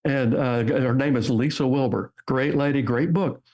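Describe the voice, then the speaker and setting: An older man guests on a podcast and tells stories with lively energy. His voice sits in an average range, and he acts out the voices of the people in his stories. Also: mid-range voice, normal speed, highs cut off. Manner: animated storyteller, acts out quotes. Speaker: guest author. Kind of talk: interview storytelling.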